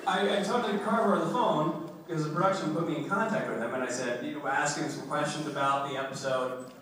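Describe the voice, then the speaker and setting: A man's voice: a little high, fairly even intonation, fairly quick. A man answering fans' questions at a convention, rambling and self-deprecating, laughing as he talks. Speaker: convention panel guest. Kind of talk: casual fan Q&A. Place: large convention hall. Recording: echoey hall, far from the mic, noisy.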